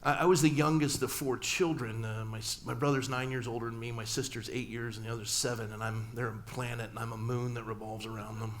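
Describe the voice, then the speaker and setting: A man's voice: medium pitch, steady tone, quick pace, few pauses, slight background noise. A middle-aged man, a pastor, telling a personal story in a sermon and acting out family dialogue with humor. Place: church sanctuary.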